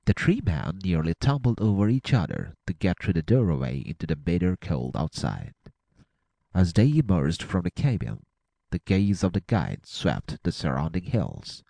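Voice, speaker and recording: A man narrating an adventure audiobook with a dramatic, expressive reading. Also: low voice, moderate pace, gravelly, no echo.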